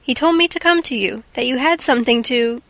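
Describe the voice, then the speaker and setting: Woman reading as a flustered opera box-keeper, hurried apologetic, higher voice, dry sound. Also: gravelly, fairly bright tone, dry recording.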